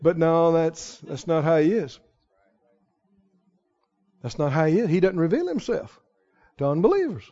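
A man preaching a sermon who swings between quiet asides and shouted exclamations, asking the congregation question after question. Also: on the high side, expressive, moderate pace, pauses often. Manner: fires rhetorical questions at the congregation. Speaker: pastor. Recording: dull lo-fi recording.

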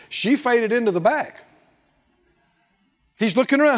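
A man with a very high-pitched voice preaches a sermon, his pitch rising and falling in wide swings. He talks emphatically and keeps asking rhetorical questions. His voice rings with a long reverb, as in a large hall. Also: animated, moderate pace. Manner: emphatic, with rhetorical questions and repeated scripture phrases.

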